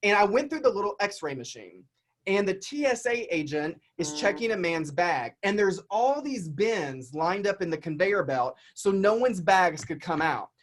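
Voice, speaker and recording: A man's voice: high voice, moderate pace. A man from the American South giving a keynote over a video call, telling a story to his audience and calling them y'all. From Southern United States. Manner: animated, chatty, addresses audience as y'all. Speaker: keynote speaker.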